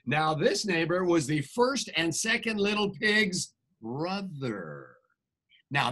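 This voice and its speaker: A playful American man with a high, bright voice reads a children's storybook aloud over a video call. He hams it up and pulls the listening kids into the sound effects. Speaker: TV news anchor reading to a class.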